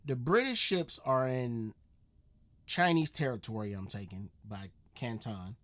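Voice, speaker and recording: A man's voice: mid-range voice, animated, unhurried, fairly bright tone. An American man hosting a reaction video, talking casually and getting exasperated, repeating himself, swearing and saying "bruh" often. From United States.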